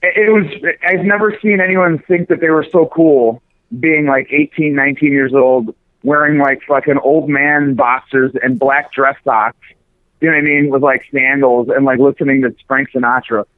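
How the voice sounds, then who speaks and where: A man tears into people in a crude, profane rant while co-hosting a talk show. His voice comes through a thin, phone-like line with a dry, close sound and sits at an ordinary middle pitch. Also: fairly even intonation, moderate pace, no room sound. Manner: profane, ranting, mocking. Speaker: podcast co-host. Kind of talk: crude casual banter.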